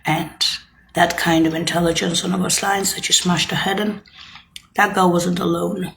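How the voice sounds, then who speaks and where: A woman's voice: on the low side, level tone, moderate pace, gravelly, fairly bright tone. A woman delivering an angry, profane, rambling rant straight to the listener. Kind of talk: unscripted rant to camera.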